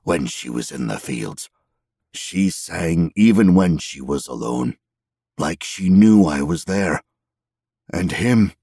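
A man's voice: low voice, animated, mellow, slightly rough, no room sound, clean studio sound, full character voice. A man voicing a scrawny, humpbacked male goblin who talks in a growling, rustic drawl, irritable and stubborn. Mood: wistful. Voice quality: growling, rustic folksy speech. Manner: snappish, then slow and brooding.

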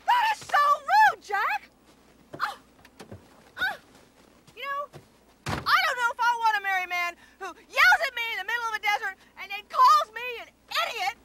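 A woman's voice: extremely high pitch, sing-song, moderate pace, pauses often, bright, forceful tone, a little hiss or hum, full character voice. An actress playing a flighty, touchy young woman with a whiny, girlish voice and dramatic outbursts. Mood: wounded. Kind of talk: comedy sketch acting.

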